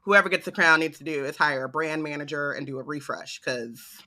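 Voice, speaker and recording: A woman's voice: deep voice, a little fast, sharp tone. A woman co-hosting a podcast, joking and laughing often in a casual book chat. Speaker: podcast co-host.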